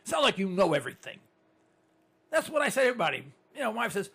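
A male radio talk show host, delivering an animated, ranting, opinionated monologue into a studio microphone. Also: sits high, fast, vocal fry, husky. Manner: animated and ranting, with repeated catchphrases.

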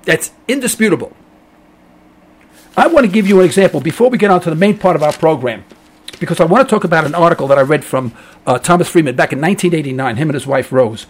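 A man's voice: on the high side, expressive, fast. A middle-aged man hosting a talk radio show, ranting emphatically in a rambling monologue and mocking callers in a dopey voice.

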